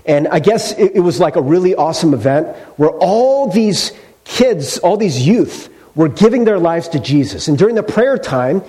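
A man's voice: fairly high pitch, sing-song, normal speed, mellow. A male pastor preaching a sermon in a conversational storytelling way, with casual fillers.

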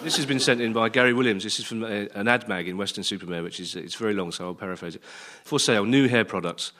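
A man on a radio comedy panel show, telling jokes and reading an advert in a deadpan way. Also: lowish voice, rapid-fire, slight background noise. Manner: deadpan jokey delivery.

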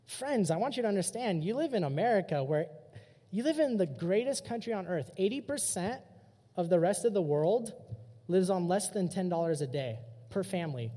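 A young man preaching a casual, energetic sermon as youth pastor to teenagers. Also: high voice, moderate pace. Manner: casual, energetic, direct address. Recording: long hall reverb.

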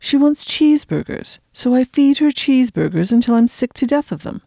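A woman's voice: sits high, big pitch swings, a little fast, vocal fry, warm tone, dry recording, studio quality, pitched above the performer's own voice, exaggerated voice. A woman voicing a frustrated middle-aged man, a retired recovery agent who talks tersely and with exasperation.

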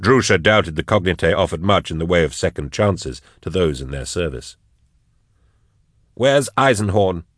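An audiobook narrator reads a novel aloud in a low voice, delivering scripted narration with steady, measured storytelling. The recording is dry and studio quality.

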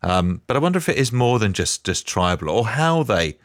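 A man's voice: lowish voice, very animated, fairly quick, dry recording, studio quality. A man co-hosting a breakfast radio show, speaking in a hesitant, self-deprecating way with frequent restarts. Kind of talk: live talk radio banter. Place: radio studio.

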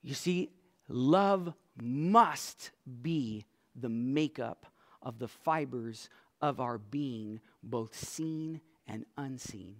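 A man preaching a sermon as pastor. His voice drops to a hush and then swells into loud, emphatic lines. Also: mid-range voice, expressive. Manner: swings from soft, hushed lines to loud emphatic declarations; slow and deliberate, stretching out scripture lines.

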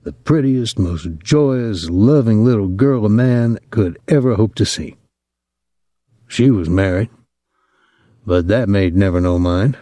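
A man voicing a young soldier who talks in a soft, lazy country drawl. The voice sits low and dark, wry and mocking. The sound is dry and close. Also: slow pace, no echo. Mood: soft ironic.

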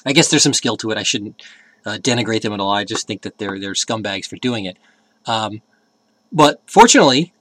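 Man, comic storyteller, sarcastic, dry close sound, swings between mumbles and loud emphasis. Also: mid-range voice, dry recording. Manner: animated and sarcastic, with rambling restarts and sudden loud emphasis. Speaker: comedic commentator. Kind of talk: comedic storytelling.

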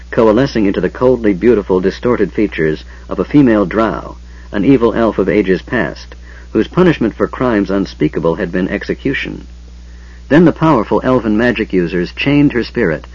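A man narrating a fantasy story in a measured storytelling manner. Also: fairly low pitch, darkish tone, slightly rough, no echo. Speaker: audiobook narrator. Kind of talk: scripted narration. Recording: dull lo-fi audiobook recording.

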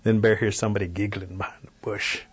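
A man telling a traditional folk tale in a relaxed, animated way, in a dull radio recording. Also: lowish voice, fast. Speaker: storyteller guest. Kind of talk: oral folk-tale storytelling.

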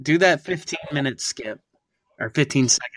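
A man's voice: mid-range voice, animated, moderate pace, a bit bright, no room sound. Crude joking man, dry sound. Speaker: podcast co-host. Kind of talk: casual chat.

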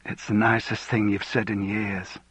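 A man's voice: fairly low pitch, level tone, moderate pace, fairly bright tone, slightly rough, dry recording. A man reading an audiobook, voicing a fond, dry-witted wife.

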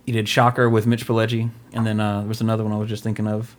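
A man's voice: on the low side, monotone, rapid-fire. A man hosting a podcast in casual chat, rambling and joking offhand about films. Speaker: podcast host.

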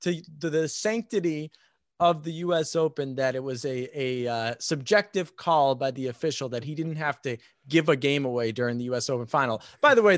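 Casting: male podcast guest, slightly high voice, halting delivery, dry mic. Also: no echo. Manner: hesitant, many restarts and fillers. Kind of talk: casual sports podcast chat.

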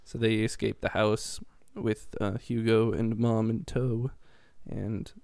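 A man's voice: lowish voice, level tone, slow pace, gravelly, a little mellow, no echo. A man co-hosting a podcast, rambling through a casual plot recap and chuckling as he goes. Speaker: podcast co-host recapping a game. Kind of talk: casual chat.

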